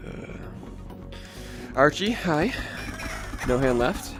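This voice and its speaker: A young man streams a game and chats with his viewers, his voice hoarse, strained and stuffy. He rambles and chuckles in a mid-pitched voice while music plays clearly underneath. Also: wildly swooping pitch, very slow. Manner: rambling, chuckling, talks to chat. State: congested. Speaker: gaming livestreamer. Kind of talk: casual livestream chat.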